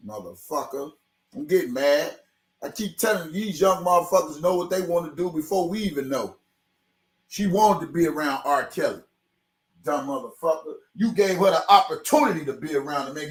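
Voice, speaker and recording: A man giving a heated, profane opinion rant as a blogger, repeating himself and using slang. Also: fairly high pitch. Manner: angry, profane, repeats phrases, AAVE slang. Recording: roomy echo, off-mic distance.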